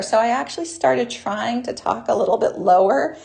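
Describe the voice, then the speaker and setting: A woman leads a live online beading demonstration in a bubbly, chatty way, calling out to viewers by name. Her voice sits naturally high and carries a gravelly fry. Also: moderate pace, few pauses, darkish tone. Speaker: jewelry-making class host.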